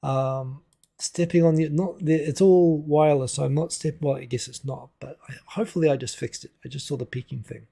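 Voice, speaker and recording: A man's voice: on the high side, steady tone, brisk, vocal fry, warm tone, breathy edge. A man from New Zealand hosting a casual livestream at home on a desk microphone, chatting loosely and answering viewer comments as they come in. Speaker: livestream host. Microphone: desk USB microphone.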